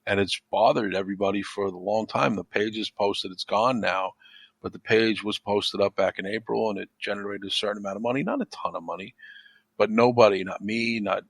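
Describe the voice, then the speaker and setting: This podcast guest has a lowish voice and speaks fairly quickly, with no echo in the recording. He chats casually but rambles, going over the same points and saying "you know" again and again.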